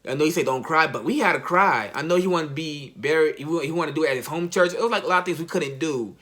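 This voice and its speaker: A young man, a college athlete, telling a personal story in a casual, slang-heavy, halting way. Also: fairly high pitch, sharp tone. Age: young adult.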